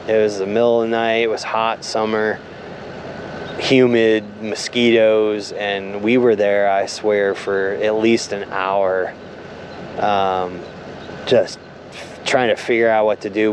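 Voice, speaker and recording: A man casually telling a story from his own life, halting and rambling, with many fillers. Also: fairly low pitch, slight background noise. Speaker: vlogger telling a personal story.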